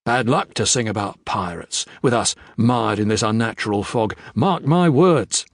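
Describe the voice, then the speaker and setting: A man voicing a gruff, superstitious old male sailor who snarls his warnings low. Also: measured pace, no room sound, clean studio sound. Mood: grumbling.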